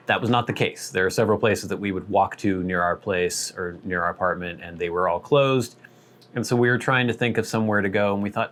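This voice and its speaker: A man's voice: lowish voice, lively intonation, brisk, a bit bright. A man hosting his vlog, telling a rambling, wry, self-deprecating story in a casual way. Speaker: vlog host.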